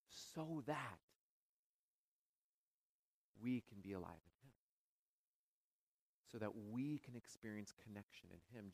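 A male pastor preaching a sermon, with dramatic rises into near shouting and hushed, quiet drops. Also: lowish voice, gravelly, no echo, rough recording.

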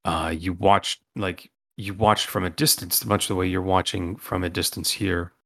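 A man's voice: low voice, fairly even intonation, moderate pace, vocal fry, a bit bright. A man running a tabletop role-playing game as game master, rambling with many ums and restarts.

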